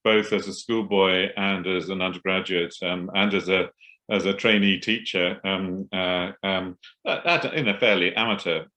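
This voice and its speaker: An older man answering interview questions as a biographer, speaking hesitantly with many pauses and restarts. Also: deep voice, steady tone, sharp tone. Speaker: biographer guest.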